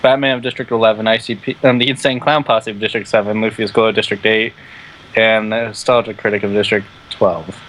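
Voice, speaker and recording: A man's voice: fairly low pitch, fairly even intonation, a little fast, fairly bright tone, a little hiss or hum, low-quality recording. A young man hosting a video, reading out simulated game events to friends and laughing along. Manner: laughing, joking reader. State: on pain medication. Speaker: video host.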